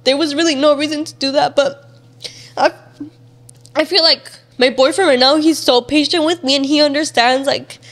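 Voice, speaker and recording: Candid young woman with a high voice. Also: fairly even intonation, moderate pace, a bit bright. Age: young adult. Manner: casual and open, many fillers, near tears at times. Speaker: guest. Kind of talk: candid interview conversation.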